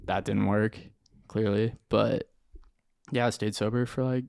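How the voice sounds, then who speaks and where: A man's voice: fairly low pitch, a little slow, gravelly, smooth, dry recording, clean studio sound. Young man telling stories casually, slangy. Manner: animated, slangy storytelling with many "like"s and acted-out quotes. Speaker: podcast guest. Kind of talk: casual storytelling interview.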